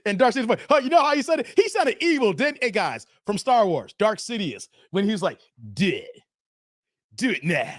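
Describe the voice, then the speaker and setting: A man in his thirties hosting a casual live stream, animated and laughing often, his voice a little strained from long streaming. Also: very high-pitched, brisk, few pauses, no room sound, clean studio sound. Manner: animated, laughs often, breaks into playful sung bits. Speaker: live stream commentary host. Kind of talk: casual live stream chat reading donations.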